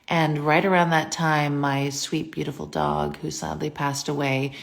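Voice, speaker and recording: A woman's voice: sits low, flat delivery, unhurried, creaky. A young woman from the US, casually chatting on a phone live stream and answering viewer questions in a rambling way, with lots of fillers. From United States.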